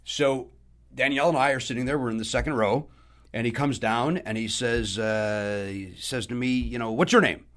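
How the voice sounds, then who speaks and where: A man telling a story as a comedian guest on a podcast, at a middling pitch. He talks in an animated, rambling way, restarting his sentences and getting loud whenever he quotes someone. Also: normal speed. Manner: animated, bursts loud when quoting others; restarts and trails off often.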